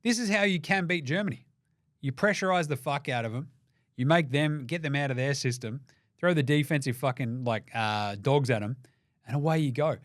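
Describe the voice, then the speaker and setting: A man with an Australian accent hosting a basketball show, ranting sarcastically and swearing, dropping to mutters and then flaring into loud outbursts. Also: mid-range voice, normal speed, no room sound, studio quality. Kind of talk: profane sports commentary rant.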